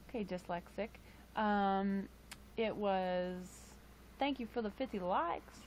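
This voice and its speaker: A woman's voice: mid-range voice, slow, a little mellow, slight background noise. A tired woman chatting casually with live-stream viewers, rambling with frequent chuckles and fillers into a webcam mic. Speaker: livestream host.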